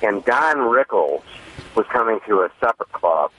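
A man's voice: on the low side, normal speed, slightly rough. A man calling in to a radio show, telling a story with a storytelling manner. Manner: storytelling, quotes others with lively voices. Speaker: caller. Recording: dull phone-in line.

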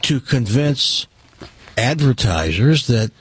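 An older man hosting a talk radio show, chatting casually in a rambling, animated way. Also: mid-range voice, slow pace, slightly rough. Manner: rambling, animated, full of restarts. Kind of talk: casual on-air chat.

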